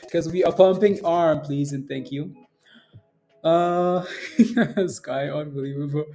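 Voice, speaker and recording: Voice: medium pitch, steady tone, measured pace, warm tone. A day-trading livestream host giving live market commentary, cheering a rising stock with repeated exclamations and often laughing while answering viewers' chat.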